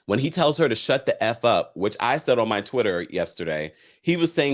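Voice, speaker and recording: A man hosting a casual reality TV recap, chatty and animated, reading viewer comments aloud and laughing often. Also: mid-range voice, fairly quick. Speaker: host.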